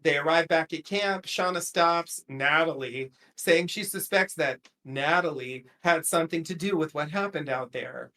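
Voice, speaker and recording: A man's voice: a little high, normal speed, hardly any pauses, sharp tone. A man casually recapping a TV episode on a podcast, chatty and rambling, laughing often.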